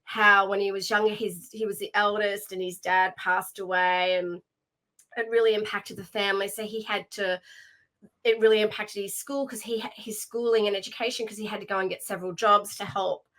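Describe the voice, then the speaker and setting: A woman's voice: medium pitch, steady tone, moderate pace, bright, forceful tone, rough recording. A woman, a leadership coach chatting as a guest and telling stories with lots of fillers and restarts. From Australia. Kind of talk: casual interview conversation.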